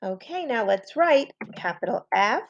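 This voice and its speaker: A woman teacher talks children through a spelling lesson at a very slow, careful pace. Her voice sits a little high and she sounds out each letter patiently. The audio is dull and lo-fi. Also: very animated, creaky, no room sound. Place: home, online lesson.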